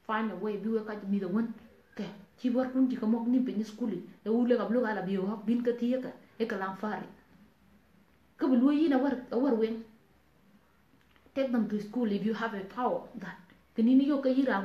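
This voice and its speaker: A South Sudanese woman talking earnestly to viewers in a casual live stream, pleading and switching between languages. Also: fairly high pitch. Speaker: online talk host. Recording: roomy, dull lo-fi sound.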